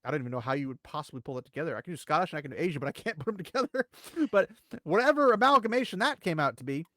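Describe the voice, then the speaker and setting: A man co-hosting a casual commentary chat, rambling and animated, swinging between loud bursts and quiet asides. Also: on the high side, very fast, no echo, studio quality. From United States. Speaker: co-host.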